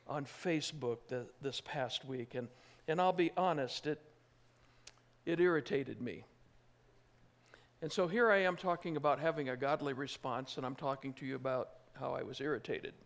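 High-voiced man preaching a sermon. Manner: shifts from hushed, gentle reassurance to loud, emphatic preaching. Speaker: pastor.

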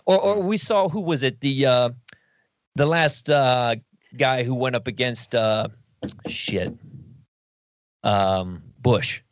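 A man talking casually on a podcast, rambling and profane, jumping into quick impressions of other people. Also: mid-range voice, no echo. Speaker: podcast guest.

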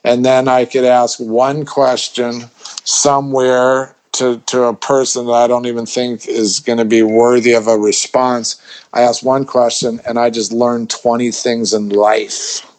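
A man's voice: medium pitch, level tone, a little slow, a little mellow. Rambling, swearing man on a podcast. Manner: rambling, many restarts, swears freely. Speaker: podcast guest. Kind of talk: casual storytelling chat.

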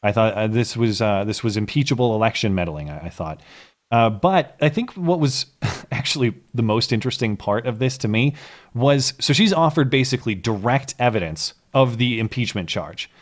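Male podcast host, mid pitch, sarcastic comic commentary, laughing asides. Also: lively intonation, normal speed. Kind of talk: comedic news commentary.

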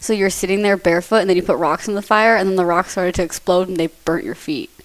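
A woman's voice: lowish voice, quick pace, rough recording. A young woman co-hosting a podcast, animatedly telling hunting-trip stories with lots of laughter. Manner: animated storytelling with frequent laughter. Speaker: podcast co-host. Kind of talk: casual chat.

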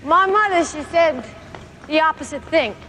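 An actress playing a timid young woman in a film scene, speaking softly and hesitantly. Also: high-pitched, animated, moderate pace, long reverb tail, a little hiss or hum. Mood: shy.

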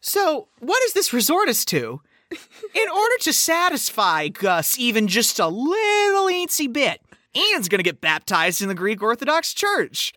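A man's voice: extremely high pitch, no echo, studio quality. A man co-hosting a podcast, playfully retelling film scenes. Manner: animated, playful storytelling. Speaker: podcast co-host. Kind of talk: casual film discussion.

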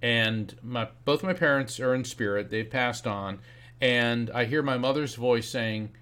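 A man as a guest author and medium in an interview, telling a story in a lively way and acting out the voices he quotes. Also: mid-range voice, unhurried.

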